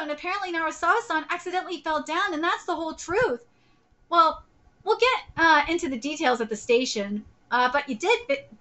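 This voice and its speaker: A woman streaming a live reaction, reading a comic's dialogue aloud and breaking into shrieking, excited fan outbursts. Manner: switches between low, even reading and shrieking fan excitement.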